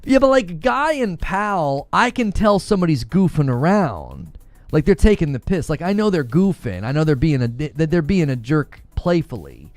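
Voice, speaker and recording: Laughing a lot, a man chats casually with his live-stream viewers as a gaming streamer reading chat, joking about slang and quoting it in mock-tough voices. His voice is a little high and a little mellow, with big pitch swings and a normal pace; the recording is dry, with soft music behind.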